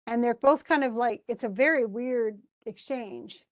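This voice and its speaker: A woman with a fairly high voice speaks at a measured pace, and the recording has its highs cut off. She's teaching a literature class, chatting about a play, reading quotes aloud and laughing often.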